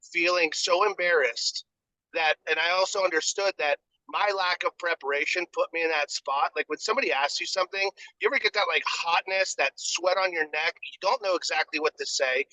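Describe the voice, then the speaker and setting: A man's voice: on the high side, sharp tone, poor audio. A man co-hosting a real estate coaching podcast, telling a story in a candid, emphatic way. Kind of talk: casual podcast discussion.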